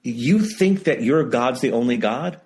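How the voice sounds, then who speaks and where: A man being interviewed over a video call, telling stories in an animated, emphatic way and repeating phrases for effect. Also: medium pitch, a little slow, a little hiss or hum. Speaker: memoir author guest. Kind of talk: casual interview storytelling.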